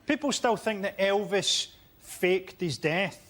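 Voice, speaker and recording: A Scottish man delivering dark one-liners on a comedy panel, dry in manner. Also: high voice, expressive, slow.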